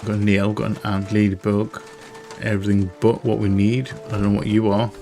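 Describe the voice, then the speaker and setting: A man casually commentating while he plays a mystery game, chatty and self-mocking as he thinks out loud. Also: fairly low pitch, little pitch movement, a little fast, soft background music. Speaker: game streamer. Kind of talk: casual let's-play commentary.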